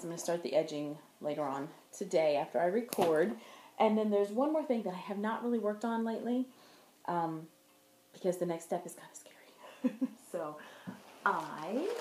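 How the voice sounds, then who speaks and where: A woman's voice: medium pitch, darkish tone, a little hiss or hum. A woman hosting a knitting video podcast, chatting casually and correcting herself as she shows her work to the camera. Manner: chatty, meandering, self-correcting while showing work to camera. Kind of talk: casual show-and-tell chat. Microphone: camera in front of her. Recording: roomy echo.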